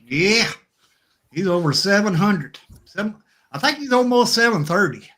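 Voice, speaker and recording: A man's voice: high voice, lively intonation, moderate pace, fairly bright tone. A man joining a casual stream chat as a guest, easygoing, answering in short bits.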